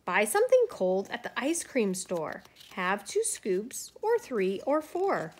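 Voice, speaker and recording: A woman voicing an excited group of young children in a rhyming storybook. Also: mid-range voice, slow pace, slightly rough, heavily acted. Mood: bossy. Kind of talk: children's picture book read aloud.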